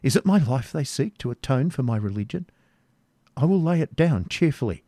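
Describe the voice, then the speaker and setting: A man's voice: medium pitch, lively intonation, normal speed, mellow, dry recording, clean studio sound, voice pushed up. A man voicing a pleading young captive woman.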